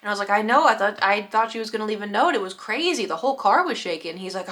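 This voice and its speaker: A young vlogger tells a casual storytime in an animated way, acting out other people's lines in quick quoted voices. Her voice is mid-range.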